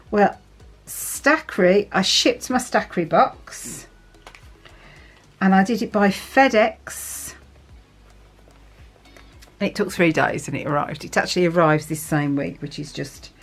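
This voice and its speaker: A woman's voice: on the low side, breathy edge. A woman chatting casually to viewers as she fills in her planner, often asking them tag questions and laughing. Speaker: planner vlogger. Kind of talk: casual chat while journaling.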